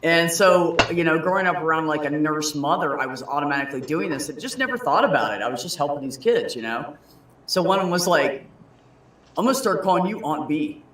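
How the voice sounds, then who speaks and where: A man in casual chat, telling stories with lively quoted voices and frequent swearing. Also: a little high, fast, recorded from a distance. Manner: animated storyteller, swears freely, acts out quoted voices. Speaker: guest. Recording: echoey room.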